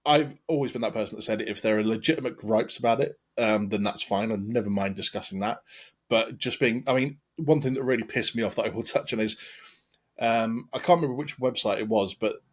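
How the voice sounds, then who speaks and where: An English podcast host chats casually, rambling with plenty of ums and restarts. His voice is on the low side, a little fast, and slightly rough.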